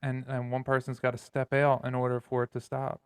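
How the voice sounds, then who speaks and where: A man hosting a podcast, talking in a reflective, measured way. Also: mid-range voice, monotone, smooth, dry recording, clean studio sound. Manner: reflective, measured, uses plain sayings. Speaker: podcast host. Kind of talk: casual conversation.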